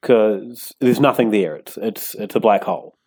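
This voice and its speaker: A man's voice: on the low side, moderate pace, a little mellow, slightly rough. A man, co-hosting a casual podcast, easygoing and hesitant, with lots of "like" and "um". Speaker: podcast co-host. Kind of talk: casual chat.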